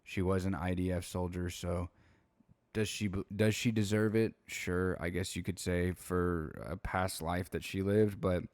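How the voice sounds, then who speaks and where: A young man with a very low voice, worn out and yawning, rambles through his late-night commentary in loose slang. The sound is dry and close, with no room around it. He drifts and circles back with lots of fillers. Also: little pitch movement, a little slow, darkish tone, smooth, dry recording. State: tired, yawning. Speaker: commentary YouTuber.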